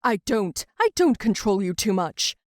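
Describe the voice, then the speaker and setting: A woman voicing a tense, controlling middle-aged mother in an animated storybook. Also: mid-range voice, measured pace, dry recording, clean studio sound. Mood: defensive.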